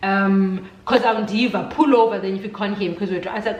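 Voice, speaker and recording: A South African woman, an event planner, telling a story in a casual vlog, animated and switching between English and Xhosa as she acts out what people said. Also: mid-range voice, fairly quick, few pauses, reverberant, distant mic, poor audio.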